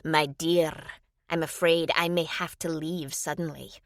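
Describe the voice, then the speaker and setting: A woman reading a smooth-talking male con man who puts on a fancy, British-sounding accent. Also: low voice, fairly even intonation, unhurried, dry recording, studio quality. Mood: suave.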